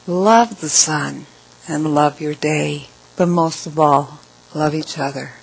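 A middle-aged woman telling her own story in an emotional personal testimony, often dropping to a soft hush. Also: low voice, slow pace, gravelly, slightly rough, poor audio.

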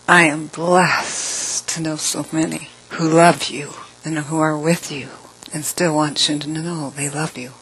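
A middle-aged woman telling her own story in an emotional personal testimony, often dropping to a soft hush. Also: low voice, slightly rough, low-quality recording.

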